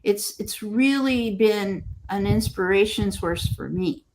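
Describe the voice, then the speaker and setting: A woman mosaic artist being interviewed, telling stories gently and acting out what people say. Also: mid-range voice. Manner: slow, gentle storytelling with lively quoted voices. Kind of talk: casual interview conversation.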